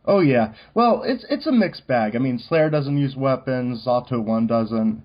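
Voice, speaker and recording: A man co-hosts a podcast in casual chat, talking loosely with lots of fillers such as "um" and "you know." His medium-pitched voice is animated and a little slow, captured in a dull lo-fi recording.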